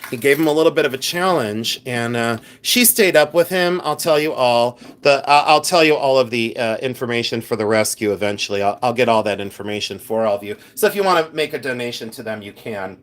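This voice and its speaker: A man's voice: mid-range voice, a little fast, hardly any pauses, a bit bright. A man hosting a casual live stream, talking straight to his viewers in a rambling way with many fillers and restarts. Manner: chatty, addresses viewers directly. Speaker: live stream host and reseller.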